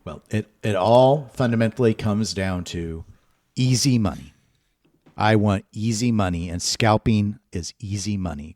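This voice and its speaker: A man co-hosting a podcast in casual chat, animated and jokey, with a close microphone. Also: fairly low pitch, unhurried, dry recording. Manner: animated, jokey, puts on silly voices. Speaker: podcast co-host.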